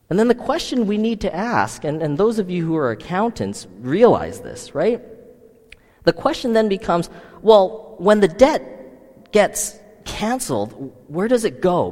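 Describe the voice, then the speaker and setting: A man preaches a sermon in a high, bright voice that swings up and down. He keeps asking the listeners rhetorical questions. His voice rings out with a long echo in a hall. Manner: lively, asks the listeners many rhetorical questions. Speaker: pastor.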